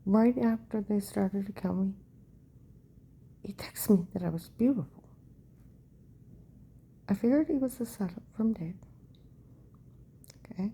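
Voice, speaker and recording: Woman, husky and dark-toned, rambling monologue that keeps sinking to a whisper. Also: mid-range voice, measured pace, long pauses. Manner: often drops to a hushed whisper; fragmented, repetitive phrasing. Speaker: vlogger telling a personal account.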